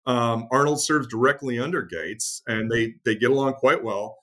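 A man's voice: medium pitch, moderate pace, pushed and bright. A man, a guest author, explaining military history in a conversational interview, with frequent fillers and restarts. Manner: many fillers and restarts, storytelling with acted quotes.

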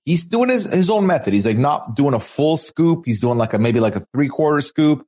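A man co-hosting a podcast, chatting casually while recapping a reality show, with halting restarts and quotes he acts out. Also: fairly high pitch, big pitch swings, a little mellow. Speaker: podcast co-host.

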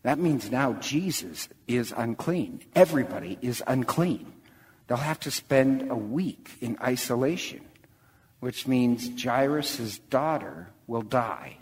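A man's voice: medium pitch, expressive, takes it slowly, a little mellow, big-room sound, rough recording. A man preaching a sermon, telling the story with animation and acting out the voices of the people in it.

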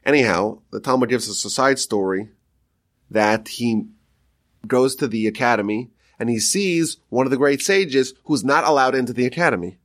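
A man, a rabbi, teaching a Talmud story with animated storytelling and quoted voices. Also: medium pitch, normal speed.

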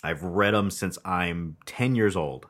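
A man co-hosting a casual podcast, chatty and profane, pausing with many ums as he talks. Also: low-pitched, a bit bright. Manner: laughs often, profane, chatty with hesitations. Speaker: podcast co-host. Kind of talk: casual movie review chat.

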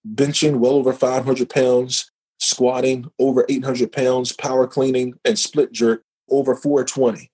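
Husky-voiced man telling a faith story. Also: mid-range voice, darkish tone, poor audio. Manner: emotional, emphatic storytelling with repetitions. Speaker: podcast guest, former football player. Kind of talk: personal testimony storytelling.

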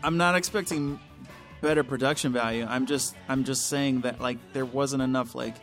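A man's voice: mid-range voice, steady tone, normal speed, fairly bright tone, soft background music. A man co-hosting a casual movie-review podcast who explains his views earnestly, rambling with many qualifiers. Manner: earnest, rambling, hedging with fillers. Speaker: podcast co-host.

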